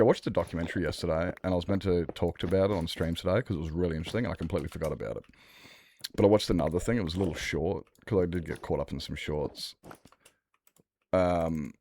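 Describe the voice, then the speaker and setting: A man chats on a gaming stream, telling rambling stories and swearing freely. His voice sits fairly low. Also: dark tone, a little hiss or hum. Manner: sweary, storytelling, laughs often. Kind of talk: casual gaming stream chat.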